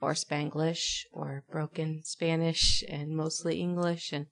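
A woman's voice: deep voice, takes it slowly, creaky. A woman co-hosting a podcast, telling a story in casual chat and laughing often as she goes. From New Mexico. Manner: laughing storyteller, animated retelling. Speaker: podcast co-host.

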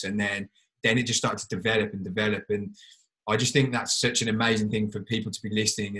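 A man's voice: lowish voice, a bit bright, poor audio. A man hosting a podcast, talking in an earnest, rambling and encouraging way. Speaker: podcast host. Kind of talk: casual interview chat.

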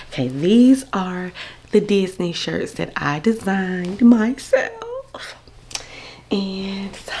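A woman in her thirties talking to camera in a casual vlog, earnest when she reflects and excited, half whispering, when she shows things. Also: mid-range voice, takes it slowly, a little hiss or hum, low-quality recording. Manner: earnest, faith-filled reflection; excited, partly whispering show-and-tell. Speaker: vlogger.

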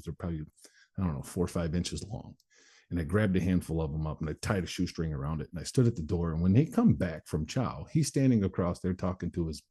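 A man's voice: low-pitched, warm tone, husky. A man, a motivational speaker and interview guest, telling his personal story in a candid, blunt, plain-spoken way with the odd swear word.

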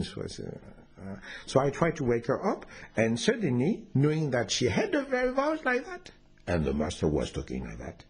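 A man's voice: medium pitch, breathy edge. A man telling a personal story in an unscripted, hesitant way, with restarts and fillers.

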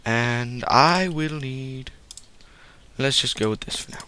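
A man's voice: mid-range voice, fairly quick, pushed and bright. A man giving casual gameplay commentary, rambling and joking to his viewers. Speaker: game commentator.

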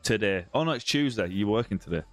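A man's voice: lowish voice, expressive, fast, no echo, faint music behind. A southern English man hosting a live fishing-game stream, chatting casually with viewers, teasing them and tagging lines with "mate". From southern England. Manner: chatty and teasing, many "mate" and "bro" tags, restarts. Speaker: live-stream gamer host. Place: home room.

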